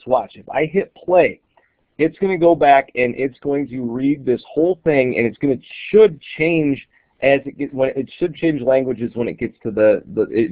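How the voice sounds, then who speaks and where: Thinking aloud as he demonstrates, a man reviews an app in a casual, explanatory screen-recorded tutorial. His mid-range voice carries no echo, though the recording itself is tinny, dry and phone-like.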